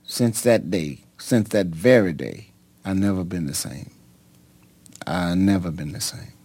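A middle-aged man, a pastor, telling his life story in an interview in a dramatic, halting way, with many ums and sudden leaps in pitch. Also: a little mellow, breathy edge, no echo. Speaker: pastor and singer, interview guest.

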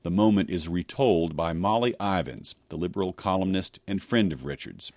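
A man reporting for radio news, narrating a scripted story in a measured, expressive delivery. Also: low voice, no echo. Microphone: close studio mic.

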